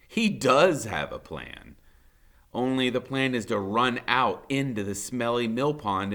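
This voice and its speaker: A man, a teacher, reading a novel aloud in dramatic first-person narration that drops to a hush for tense moments. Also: mid-range voice, sing-song, measured pace.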